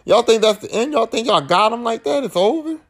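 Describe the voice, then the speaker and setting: A man voicing a cocky, taunting burnt male dream killer who brags and curses in drawn-out threats while retelling a horror movie. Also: very high-pitched, animated, fairly bright tone, slightly rough, voice pushed up, full character voice. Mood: mocking. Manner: boastful, profane, drawn-out threats.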